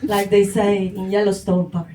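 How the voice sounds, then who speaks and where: A woman's voice: medium pitch, little pitch movement, normal speed. A woman with a non-native English accent performing a stand-up comedy set, chatty and swearing, laughing at her own jokes. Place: live comedy venue with audience. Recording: echoey room, mic heard from a distance, crowd laughter.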